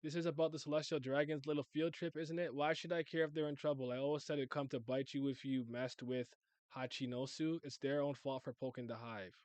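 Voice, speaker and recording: A man's voice: mid-range voice, fairly even intonation, a little fast, a little mellow, dry recording, close to an everyday voice. A man reading the part of a blunt, impatient older navy hero from a comic, in a plain, slightly raised voice. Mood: gruff. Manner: dismissive, blunt.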